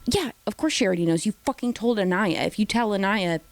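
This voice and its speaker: Chatty, gravelly woman recapping reality TV. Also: medium pitch, animated, fast, dry recording. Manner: chatty, opinionated, swears freely, acts out quotes. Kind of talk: casual recap commentary.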